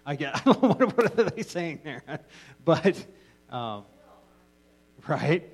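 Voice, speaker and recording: A man's voice: on the high side, very animated, takes it slowly, pauses often, slightly rough, low-quality recording. Joking, casual male Bible teacher. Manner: casual and joking, with frequent restarts. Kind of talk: informal Bible class teaching.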